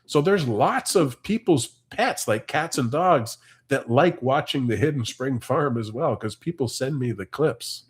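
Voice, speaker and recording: A man's voice: mid-range voice, expressive, unhurried, hardly any pauses. A man in his fifties from Canada, hosting a casual farm livestream, chatting and reading viewer comments aloud.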